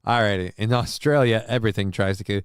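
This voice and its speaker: Rambling, sardonic low-voiced male host. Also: fairly even intonation, quick pace, clean tone, dry recording, studio quality. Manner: rambling and sardonic, many fillers. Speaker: talk show host. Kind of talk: casual live-stream commentary.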